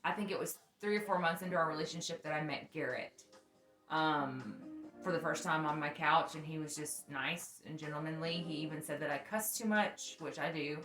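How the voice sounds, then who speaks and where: A woman's voice: low-pitched, normal speed, fairly bright tone. A young woman chatting candidly and laughing while telling stories, frank and full of profanity. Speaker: podcast co-host. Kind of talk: candid casual chat. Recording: echoey room with faint music.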